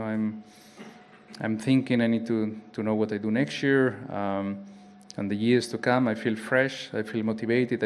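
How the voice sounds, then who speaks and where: A man's voice: medium pitch, darkish tone, a little hiss or hum. Reflective Spanish-accented male racing driver. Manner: halting, reflective, with frequent restarts. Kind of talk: press conference answer. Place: press conference room.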